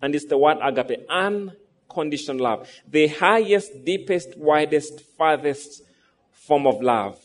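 A pastor in his thirties, whose voice sits a little high for a man, delivers an animated but unhurried sermon. He keeps pulling the congregation in with rhetorical questions.

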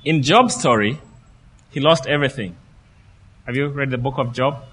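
A man preaching a sermon, telling the story in a lively way and acting out what the people in it say. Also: medium pitch, moderate pace, slightly rough, long reverb tail. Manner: lively storytelling preacher who acts out the quoted speech.

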